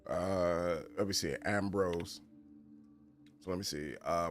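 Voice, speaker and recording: A man's voice: low voice, steady tone, slow pace, pauses often. A man streaming a game who reads in-game messages aloud and laughs often in casual commentary. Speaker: gaming streamer.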